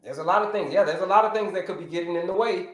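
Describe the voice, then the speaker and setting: High-voiced man teaching in a roomy echo. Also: very fast. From United States. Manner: animated teacher, repeats key points, greets viewers by name. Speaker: health coach, livestream host. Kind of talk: livestream health lesson. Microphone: livestream setup.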